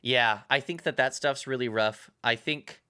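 A man's voice: mid-range voice, a little slow, sharp tone, smooth. A man in casual film-review chat, talking in rambling stops and restarts and swearing now and then. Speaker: podcast co-host.

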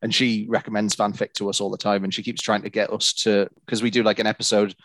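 A man's voice: on the low side, flat delivery, fast, a bit bright, no echo. A British man chatting casually as a podcast guest, laughing often and self-deprecating. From Britain.

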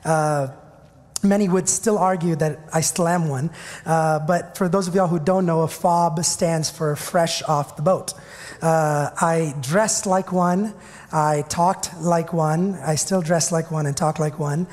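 A man's voice: on the high side, steady tone, measured pace, a little mellow, in a large hall. A man in his thirties preaching a sermon as pastor, telling a personal story in a conversational, self-deprecating way.

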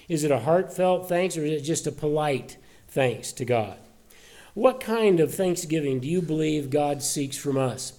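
A male pastor in mid-sermon, speaking to a church congregation in an earnest, conversational way. His voice sits a little high but sounds warm and mellow. He often stops on an uh and starts his sentences over. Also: moderate pace. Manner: earnest, conversational, many uh fillers and restarts. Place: church service.

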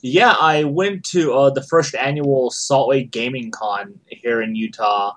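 Relaxed man telling a story on a podcast. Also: mid-range voice, measured pace. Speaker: podcast guest. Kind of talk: casual podcast chat.

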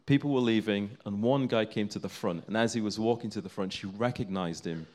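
Earnest low-voiced man preaching. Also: brisk, darkish tone. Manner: storytelling, earnest, builds emphasis. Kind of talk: sermon.

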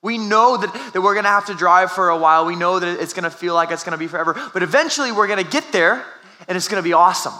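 A man's voice: high voice, fast talker, pushed and bright. A young adult man preaching a sermon as pastor, telling a family story in a conversational way with restarts.

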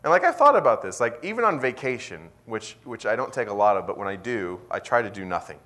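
A young man preaching a sermon in a lively, conversational way, sometimes dropping to a whisper. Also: lowish voice, fast talker. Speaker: pastor.

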